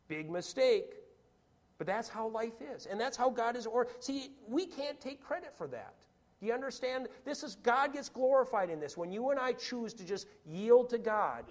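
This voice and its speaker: A man preaching a sermon to a congregation in a church, emphatic and repeating his phrases, often asking his listeners questions. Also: high-pitched.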